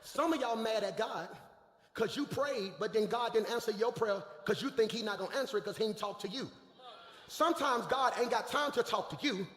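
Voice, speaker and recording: A man preaching a lively sermon as pastor, with shouted bursts and casual slang. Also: high voice, a little fast. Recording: echoey hall.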